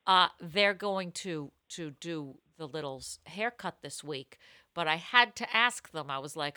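A woman co-hosting a podcast in casual chat, chatty and animated and quick to laugh, recorded close on a podcast mic. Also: deep voice, no room sound. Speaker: podcast co-host.

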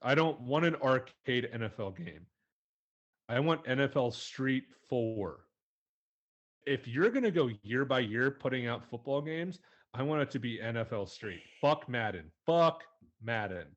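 Husky young male co-host, swings wide in pitch, sweary mocking rant. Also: animated, measured pace, muffled recording. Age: young adult. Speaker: podcast co-host. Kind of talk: profane comedic rant.

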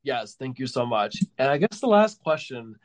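A man's voice: mid-range voice, sing-song, normal speed, dry recording. Rambling man in a dry, close sound. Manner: rambling storyteller, heavy with fillers. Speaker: podcast guest. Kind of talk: casual podcast chat.

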